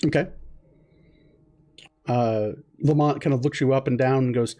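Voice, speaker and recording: A man narrating as game master in a relaxed, loose way with frequent fillers. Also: mid-range voice, unhurried, pauses often.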